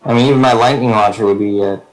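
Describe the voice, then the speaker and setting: Low-voiced man asking practical questions. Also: steady tone, fast, poor audio. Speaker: player. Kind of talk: casual tabletop play online.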